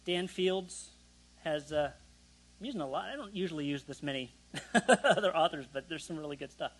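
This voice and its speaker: Young man, pastor, sermon, chatty asides, slightly high voice. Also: animated, moderate pace, a bit bright, low-quality recording. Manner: conversational, self-deprecating asides, light laughs.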